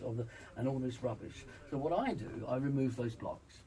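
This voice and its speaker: A man's voice: medium pitch, normal speed, hardly any pauses, dark tone, far from the mic, low-quality recording. A man working as a vocal coach, speaking emphatically in an interview and demonstrating vocal sounds. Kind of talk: interview, teaching voice exercises.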